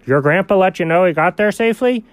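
A man co-hosting an improvised comedy show, playing the exasperated straight man in quick back-and-forth. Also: high voice, expressive, no echo. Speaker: comedy co-host.

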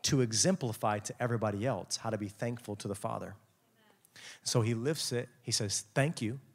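A young adult man preaching a lively, jokey youth sermon, acting out quotes with big swings in his voice. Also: on the low side, brisk, gravelly. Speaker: youth pastor.

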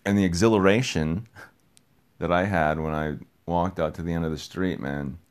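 A young man with a very low voice talks to his listeners in a loose, rambling monologue. He circles back and repeats phrases and gets excited as he goes. His casual swearing keeps it offhand and personal. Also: moderate pace, clean tone. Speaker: podcast host.

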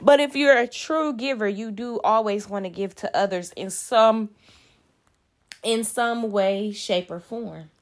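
A woman's voice: mid-range voice, measured pace. A woman hosting a casual motivational talk, chatty and conversational, speaking directly to her listeners. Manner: conversational, chatty with fillers, addresses listeners as y'all. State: tired, yawning. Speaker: podcast host.

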